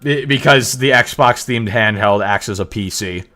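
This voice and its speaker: A man's voice: lowish voice, unhurried, sharp tone. A man hosting a casual reaction livestream, mocking a video and laughing often. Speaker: livestream host. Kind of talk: casual reaction stream chat.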